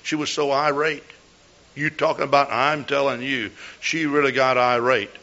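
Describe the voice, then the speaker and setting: A man's voice: medium pitch, flat delivery, normal speed, pushed and bright. An older man preaching a sermon as a pastor, telling a folksy story with repeated words and restarts. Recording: dull lo-fi recording.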